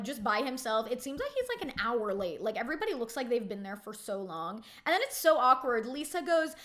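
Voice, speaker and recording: Lively, gossipy young woman. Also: a little high. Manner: chatty, gossipy, heavy use of "like". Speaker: reality TV recap vlogger. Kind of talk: casual opinionated recap.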